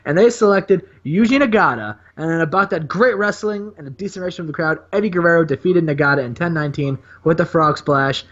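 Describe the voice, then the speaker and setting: A man hosting a casual podcast, excitedly recapping wrestling matches and laughing often. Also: a little high, fairly quick, hardly any pauses, dull audio. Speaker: podcast host.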